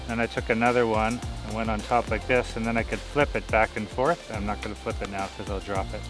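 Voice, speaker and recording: A man casually explaining how he cooks over a campfire outdoors, in a relaxed way. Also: lowish voice, fairly quick, music in the background. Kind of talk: casual cooking demonstration.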